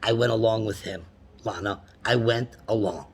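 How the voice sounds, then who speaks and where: A man's voice: fairly low pitch, normal speed, slightly rough. A man on a phone call, complaining at length about a bank with frustrated, repetitive restarts and sudden outbursts. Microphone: phone call recording.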